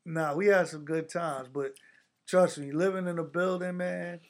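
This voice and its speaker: High-voiced New man telling stories. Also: normal speed. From the Bronx, New York. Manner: animated, laughing storytelling, acting out people he quotes. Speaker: storyteller in a casual conversation. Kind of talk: casual chat.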